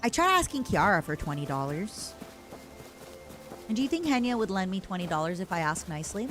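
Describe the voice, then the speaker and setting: A woman's voice: lowish voice, very animated, fairly quick, fairly bright tone, faint music behind. A young woman streaming a game, chatting with her viewers in a playful, rambling way. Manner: playful, rambling, talks to chat. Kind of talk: casual live-stream gaming chatter.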